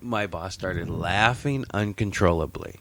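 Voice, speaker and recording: A man's voice: sits low, a little slow, a bit bright, slight background noise. A man co-hosting a podcast, joking around and swearing in casual chat. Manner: joking, profane banter. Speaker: podcast co-host.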